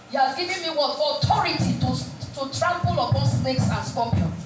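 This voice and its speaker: High-voiced woman preaching in an echoey hall. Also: expressive, moderate pace. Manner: call-and-response questions, repeated "praise God". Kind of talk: sermon. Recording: echoey room, distant mic, faint music.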